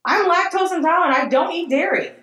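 A woman's voice: very high-pitched, expressive, quick pace, bright, forceful tone, echoey room, rough recording. A woman co-hosting a podcast in casual chat, earnest and emotional, drifting between tears and laughter. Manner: earnest, tearful and laughing in turns. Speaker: podcast co-host.

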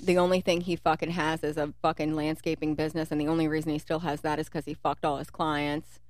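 Woman, low pitch, blunt and profane, casual chat, dry recording. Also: level tone, fast talker, no echo. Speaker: podcast co-host.

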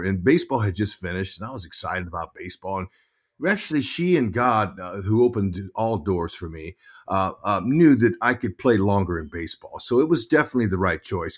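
A middle-aged man, a guest on an interview podcast, telling stories and acting out quotes in a raised voice. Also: fairly low pitch. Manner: animated, acts out quotes in a raised voice. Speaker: guest, former baseball player and broadcaster.

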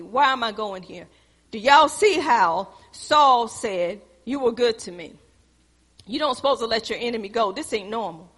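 High, bright-voiced woman preaching a sermon. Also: lively intonation, normal speed, slightly rough. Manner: preaching with rising fervor, addressing the congregation. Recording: long hall reverb.

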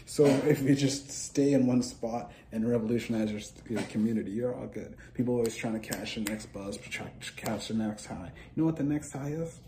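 A man's voice: medium pitch, normal speed, hardly any pauses, noisy background. A young man hosting a solo show, rambling and profane in a scattered, stream-of-consciousness way. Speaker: podcast host.

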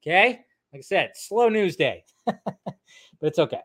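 A man with a fairly high voice hosts a loose, chatty podcast. He rambles through entertainment news, swears freely and keeps circling back with "I tell you what.". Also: very animated, a little slow, a bit bright. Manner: rambling, swearing, filler-heavy, laughs often. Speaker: podcast host. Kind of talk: casual solo news chat.

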